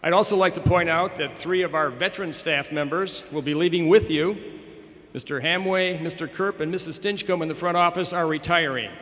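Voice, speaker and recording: A man in his fifties delivers a formal graduation speech in a bright, forceful voice that sits a little high. He speaks in a measured, encouraging way at the podium, and his words ring out with a long echo through a large ceremony hall. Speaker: school administrator giving a graduation address. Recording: echoey hall over a public address system.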